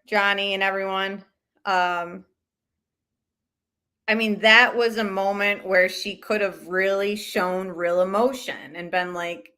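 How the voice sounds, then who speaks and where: A woman hosts a live commentary stream in a relaxed, chatty way. She gives her opinions freely and reacts to viewer comments, reading them aloud as they come in. Her voice sits at an ordinary middle pitch. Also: a little slow. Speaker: commentary channel host.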